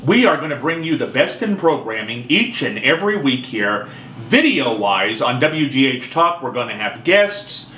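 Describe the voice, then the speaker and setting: Lively, upbeat male talk radio host. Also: medium pitch, normal speed. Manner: upbeat, showy announcer delivery with playful teasing. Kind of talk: casual talk show banter. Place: radio studio. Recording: echoey room, faint background noise.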